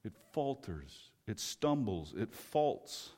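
With a lowish, sing-song, slightly mellow voice, a man takes his time preaching as a pastor. He fires off fervent rhetorical questions and voices the people he quotes, all in an impassioned style that echoes with long hall reverb.

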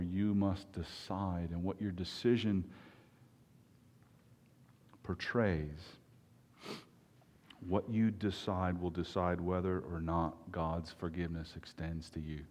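A man preaching a sermon, earnest and emphatic, with long pauses. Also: deep voice, level tone, darkish tone, long reverb tail.

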